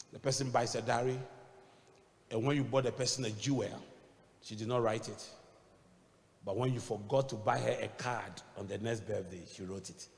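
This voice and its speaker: Ghanaian bishop preaching in a reverberant hall. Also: male voice, medium pitch, brisk. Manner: switches between English and Twi, dramatic swings from shouting to quiet. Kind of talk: sermon. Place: church hall. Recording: long reverb of a church hall.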